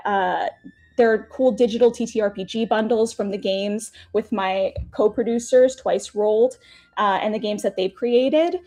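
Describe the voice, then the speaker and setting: A woman's voice: mid-range voice, dark tone. A woman hosting a charity stream as game master, announcing donation incentives in an upbeat, grateful, chatty way.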